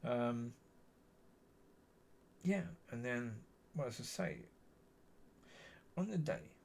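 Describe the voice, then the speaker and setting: A man's voice: medium pitch, big pitch swings, extremely slow, a little mellow, a little hiss or hum. A man giving a rambling personal faith testimony to camera, often repeating and correcting himself. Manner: meandering, repeats himself, frequent self-corrections. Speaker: Christian vlogger.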